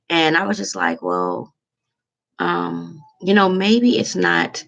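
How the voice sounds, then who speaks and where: A woman talking straight to camera in an emotional, halting vlog, close to tears. Her voice carries a heavy gravelly fry. She pauses often and fills gaps with ums as she searches for words. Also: deep voice, fairly bright tone. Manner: emotional, heartfelt, halting with many fillers. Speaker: vlogger. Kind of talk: candid to-camera monologue.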